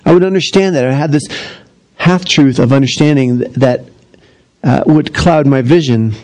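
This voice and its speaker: A man's voice: medium pitch, moderate pace, low-quality recording. Conversational middle-aged male pastor. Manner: conversational, animated storytelling with acted-out quotes. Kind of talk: sermon.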